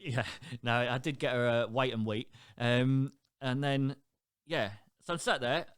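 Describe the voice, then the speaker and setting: Young man, podcast co-host, smooth clear voice, dry close sound, lively storytelling. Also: mid-range voice, a little slow, dry recording. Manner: animated storytelling, swears freely. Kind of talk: casual chat.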